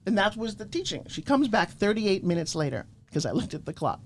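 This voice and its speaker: A middle-aged woman from Florida, a guest pitch coach telling motivational stories emphatically and acting out quoted lines. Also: fairly quick, a little hiss or hum. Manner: emphatic, animated, acts out quotes. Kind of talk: energetic motivational storytelling.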